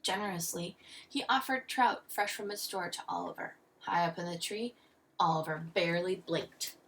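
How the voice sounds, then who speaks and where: A woman's voice: on the low side, moderate pace, fairly bright tone, recorded from a distance. Woman reading a storybook aloud expressively. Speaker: teacher. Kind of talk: reading a picture book aloud.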